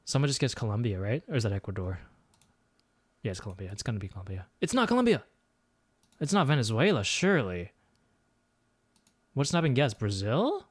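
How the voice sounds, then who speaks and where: A man's voice: fairly low pitch, expressive, fairly quick, long pauses, husky, no room sound. A man streaming a geography guessing game, thinking aloud and muttering his guesses with self-deprecating asides. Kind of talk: casual gameplay commentary.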